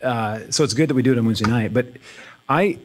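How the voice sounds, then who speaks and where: A middle-aged man pastor speaking in a church, conversational and self-deprecating, with halting restarts. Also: medium pitch. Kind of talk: casual sermon talk.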